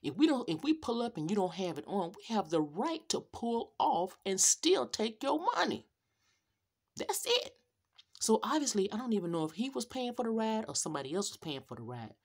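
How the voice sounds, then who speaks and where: A middle-aged woman, a rideshare driver, telling a story to her viewers in an animated, sassy rant. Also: medium pitch, moderate pace, slightly rough. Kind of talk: casual storytelling rant to camera.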